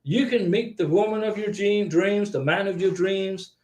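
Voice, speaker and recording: An older man in his sixties chats on a live stream in an earnest, folksy way, repeating himself and tagging his lines with "okay". His voice sits fairly high for a man. The room around him is echoey. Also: moderate pace, darkish tone. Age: 60s. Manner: earnest, repetitive, folksy, tags lines with 'okay'. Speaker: host of an immigration advice live stream. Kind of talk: casual live-stream chat.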